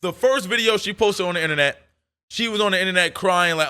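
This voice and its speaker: A man's voice: sits high, quick pace, pushed and bright, clear, resonant tone. A man streaming live and reacting to clips, making emphatic points full of profanity and repeating them again and again.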